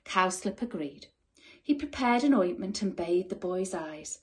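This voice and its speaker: A woman teacher reads a bedtime story at an unhurried pace, with a voice that rises and falls in a very lively way. She drops to soft whispers for the hushed moments. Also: mid-range voice. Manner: expressive, dropping to soft whispers. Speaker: school teacher.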